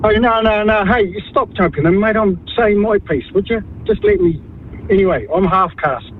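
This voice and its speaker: A high-voiced New Zealand man in his fifties talks earnestly on a radio call-in, stumbling and restarting as he makes his case. The line is thin and phone-like, with faint noise behind. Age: 50s. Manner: earnest, halting, repeats words and restarts. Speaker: caller.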